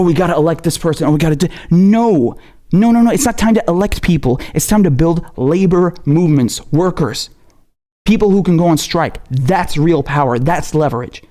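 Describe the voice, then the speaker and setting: A man's voice: on the high side, darkish tone. Furious man ranting with constant profanity. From not American. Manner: profane, scolding, repetitive and heated. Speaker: political commentator. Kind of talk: angry ranting monologue.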